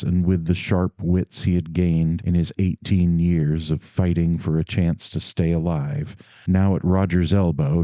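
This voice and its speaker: A man reading a classic novel aloud as an audiobook narrator in a measured storytelling manner. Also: low voice, mellow, no room sound. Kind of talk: scripted narration.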